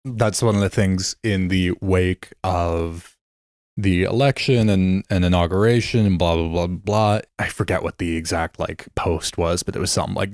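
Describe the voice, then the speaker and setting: A man co-hosting a podcast in casual chat, teasing and cracking deadpan jokes. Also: low-pitched, measured pace, no echo, studio quality. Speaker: podcast co-host.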